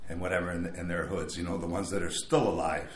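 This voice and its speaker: A man's voice: deep voice, fairly even intonation, quick pace, a little hiss or hum. An older man sharing his recovery story at a meeting in a rambling, casual way, with wry asides. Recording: echoey room, faint background.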